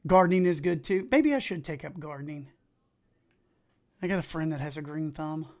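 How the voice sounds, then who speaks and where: A middle-aged man with an Appalachian accent, chatting casually and excitably while streaming video games and telling rambling stories. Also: fairly high pitch, normal speed. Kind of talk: casual live-stream chat while gaming.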